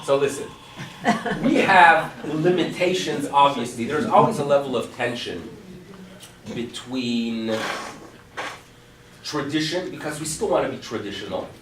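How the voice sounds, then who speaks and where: A man, a rabbi, teaching a class to a congregation, lively and full of rhetorical questions. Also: mid-range voice, a little slow, pauses often, a crowd in the background. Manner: animated, asks rhetorical questions. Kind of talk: lecture to a congregation. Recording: echoey room, mic at a distance.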